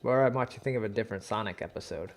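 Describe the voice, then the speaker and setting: Gravelly man guessing out loud. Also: fairly low pitch, very fast, soft background music. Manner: unsure, thinks aloud while guessing. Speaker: podcast co-host answering quiz. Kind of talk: casual chat.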